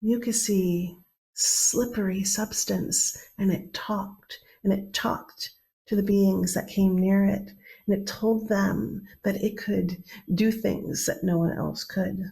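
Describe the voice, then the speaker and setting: A woman telling a myth in a relaxed, conversational way, with restarts and playful asides. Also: mid-range voice, takes it slowly, creaky. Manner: conversational, playful, with many restarts and animated quoted voices. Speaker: storyteller. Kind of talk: oral mythtelling.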